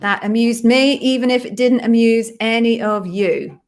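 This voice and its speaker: Chatty woman hosting a live Q&A. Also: a little high. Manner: chatty, quick, self-amused asides. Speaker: host and interview coach. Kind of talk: live Q&A stream. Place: echoey home office being redecorated.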